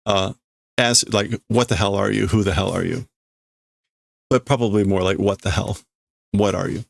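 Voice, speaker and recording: A man's voice: lowish voice, fairly even intonation, moderate pace, vocal fry, long pauses, no echo. A man streaming live as he reads a manga aloud and translates it, thinking aloud and hesitating over the words. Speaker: streamer host.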